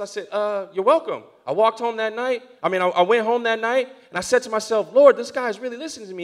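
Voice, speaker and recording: A young man preaching, telling a story from the pulpit and moving between hushed, prayerful passages and loud, excited ones. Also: high voice, quick pace, hardly any pauses. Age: young adult. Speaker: pastor. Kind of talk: sermon storytelling.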